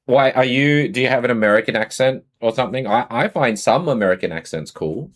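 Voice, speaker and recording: A man's voice: mid-range voice, fairly quick. A man with an Australian accent chatting casually on a live stream, greeting and answering his viewers.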